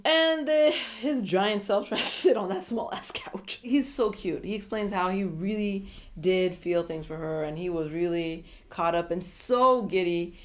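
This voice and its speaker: A woman's voice: medium pitch, moderate pace. A young woman recapping a reality show in a sassy, opinionated casual commentary, full of asides.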